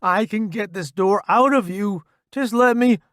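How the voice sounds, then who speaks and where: A man voicing a desperate young soldier who shouts in anguish. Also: high-pitched, measured pace, no echo, clean studio sound, pitched above the performer's own voice. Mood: anguished shouting.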